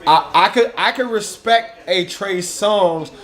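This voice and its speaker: A man's voice: high-pitched, slow pace, a bit bright. A man co-hosting a podcast, debating music casually, stopping and restarting his sentences as he builds a point. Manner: hesitant, restarts and repeats words while building an argument. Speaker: podcast co-host.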